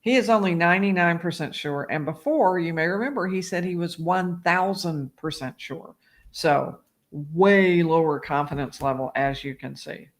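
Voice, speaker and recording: Lawyer host on a live stream, somewhat higher-pitched man narrating transcripts with commentary. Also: normal speed. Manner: reads out transcript quotes with asides.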